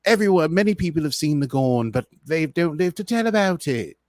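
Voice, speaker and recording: A man doing a female starship officer in a broad, music-hall cockney, raised well above his own pitch. The delivery is theatrical and over the top, and the sound is dry and close. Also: expressive, brisk, darkish tone, natural voice. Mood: dramatic. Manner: exaggerated music-hall cockney, dropping in "love" and "governor".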